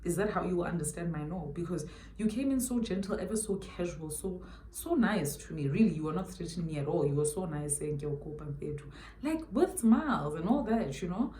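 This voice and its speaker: A South African woman with a low, mellow voice tells a story to the camera while doing her makeup. She talks in an emphatic, chatty way and repeats key lines for weight. The recording has the echo of a bare room at home. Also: animated, brisk, slight background noise. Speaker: beauty YouTuber.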